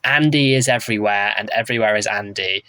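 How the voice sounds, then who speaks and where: A man's voice: on the low side, a little fast, bright, forceful tone, slight background noise, rough recording. A man co-hosting a podcast in casual chat, talking chattily with wry asides. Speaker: podcast co-host.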